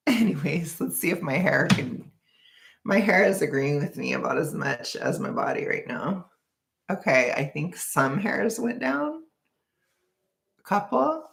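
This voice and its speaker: A young adult vlogger rambles through casual chat, cracking jokes and laughing often. The voice sits at a middling pitch with a gravelly, creaky texture. The recording has a noticeable room echo. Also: big pitch swings, slow pace, pauses often. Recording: echoey room.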